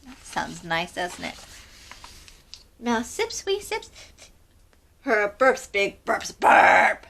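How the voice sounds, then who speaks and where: A woman's voice: medium pitch, very animated, extremely slow, vocal fry, pauses often, fairly bright tone, slight background noise. A woman hosting children's storytime, reading aloud expressively in a sing-song way and asking the kids questions. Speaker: storytime host.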